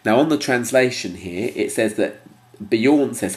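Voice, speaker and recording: A man with a slightly low, stuffy, nasal voice from blocked sinuses. He talks to camera in a loose, rambling way and fills his pauses with ums. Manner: rambling, hesitant with many ums. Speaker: YouTuber. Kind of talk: casual talk to camera.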